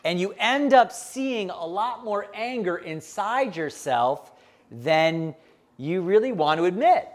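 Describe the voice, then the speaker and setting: A man's voice: high-pitched, animated, slow. A middle-aged man preaching a sermon as the pastor, speaking conversationally and asking the congregation questions.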